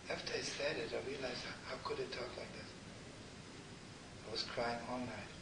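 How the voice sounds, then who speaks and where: An older man, a rabbi, telling stories in a sermon with an intimate, repetitive manner, often sinking to a hushed near-whisper. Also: medium pitch, fairly even intonation, normal speed, pauses often. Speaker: rabbi and teacher. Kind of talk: storytelling sermon to a live gathering. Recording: roomy distant live recording with noise.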